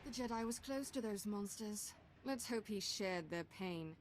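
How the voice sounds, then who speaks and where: A woman's voice: medium pitch, animated, measured pace, noisy background, natural voice. An actress playing a bloodthirsty female Sith warrior who talks in a scornful, aggressive way. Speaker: companion character.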